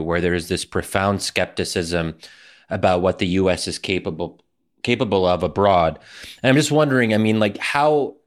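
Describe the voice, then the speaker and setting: Low-voiced man hosting a thoughtful interview. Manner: thoughtful, wordy questions with restarts. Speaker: podcast host. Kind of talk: interview conversation.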